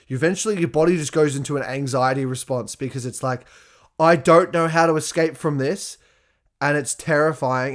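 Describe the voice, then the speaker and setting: A male podcast host in a loose, unscripted monologue. He swears freely, laughs often and breaks into acted-out quotes of himself, with an everyday mid-range voice. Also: mid-range voice. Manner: profane, animated storytelling with laughs and acted-out quotes. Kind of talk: casual solo podcast monologue.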